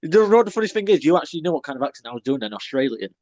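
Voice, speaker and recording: A British man chatting casually on a podcast over an online call. His voice sits slightly high, and he talks bluntly and animatedly, sliding into slang and tangents as he goes. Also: very animated, rapid-fire, a little mellow, dull audio. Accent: British English. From Britain. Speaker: podcast co-host.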